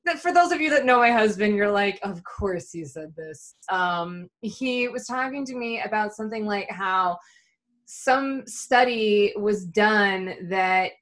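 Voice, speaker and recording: A woman co-hosting a podcast, telling casual, animated stories with lots of swearing and laughter. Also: medium pitch, measured pace. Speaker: podcast co-host. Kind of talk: casual chat.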